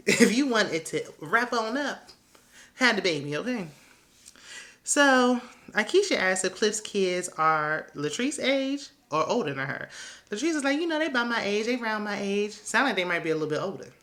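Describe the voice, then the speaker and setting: A woman's voice: mid-range voice, animated, normal speed, a bit bright. A woman recapping a reality show in a casual, gossipy way, with sassy asides and frequent laughter. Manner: sassy, chatty, laughs often.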